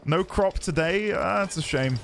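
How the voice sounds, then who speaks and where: Streaming a game, this man from the UK rambles in casual chat, laughs readily and responds to his viewers' messages in a British English accent. He speaks in a high voice with vocal fry at a moderate pace.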